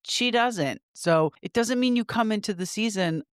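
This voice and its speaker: A woman's voice: medium pitch, moderate pace, no echo, studio quality. A woman co-hosting a podcast, talking in an opinionated, emphatic way about a reality show. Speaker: podcast co-host. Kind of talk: casual chat.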